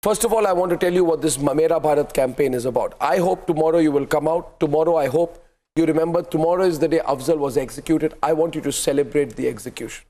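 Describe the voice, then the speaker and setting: Forceful high-voiced debate host, man. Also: fast talker. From India. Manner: forceful, interrupting, rhetorical questions. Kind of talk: heated TV debate.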